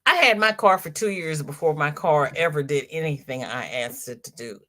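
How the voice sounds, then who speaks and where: A woman's voice: low voice, expressive, normal speed, sharp tone. A woman with a Southern American accent hosting a casual crochet livestream, chatting, repeating herself and greeting viewers by name. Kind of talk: casual livestream chat reading comments.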